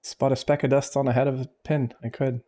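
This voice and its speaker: Man playing a fairy sidekick, cheeky, slangy, teasing, mellow mid voice, game dialogue read aloud. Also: mid-range voice, level tone, fairly quick, voice pushed up, lightly acted. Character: cheeky male fairy sidekick, boastful and blunt.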